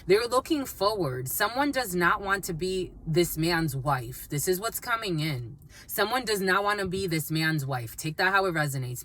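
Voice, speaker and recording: A woman with a slightly low voice delivers a channeled tarot reading. She speaks bluntly and emphatically, swearing freely and circling back to repeat her phrases. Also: fairly bright tone. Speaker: tarot reader.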